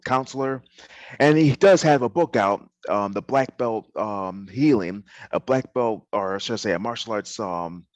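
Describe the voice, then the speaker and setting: A man hosts a casual podcast interview in a fairly low voice. He speaks haltingly, with plenty of fillers and restarts. The sound is dry and close. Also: no echo. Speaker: podcast host. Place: hotel during a convention.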